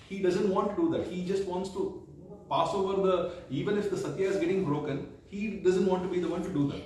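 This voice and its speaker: Male scripture teacher, explanatory and hesitant, fairly high voice, recorded in a temple hall with a strong echo. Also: darkish tone, slight background noise. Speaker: religious studies teacher. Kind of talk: scripture storytelling class. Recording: echoey temple hall, distant mic.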